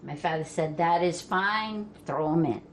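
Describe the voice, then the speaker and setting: A woman's voice: fairly low pitch, a little slow. Older vermont lady spinning a family yarn, chuckling a lot, faint hiss behind. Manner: folksy, laughing through the telling, drops voice for quoted men. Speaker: storyteller guest. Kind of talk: family storytelling. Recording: faint background noise.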